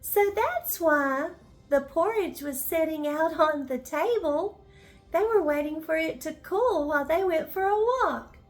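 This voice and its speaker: An older woman reading a children's bedtime story, gently asking the listening children questions as she goes. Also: extremely high pitch, lively intonation, unhurried, faint music behind.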